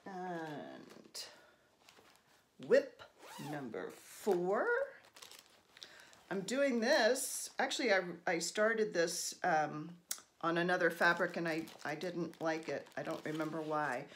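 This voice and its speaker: A middle-aged woman from New Jersey talks over her stitching with a lowish voice, wandering off topic and teasing herself. Her ums come often and she never hurries. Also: expressive, takes it slowly, slight background noise. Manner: rambling, self-deprecating, lots of ums. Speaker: stitching vlogger. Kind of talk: casual chat while stitching.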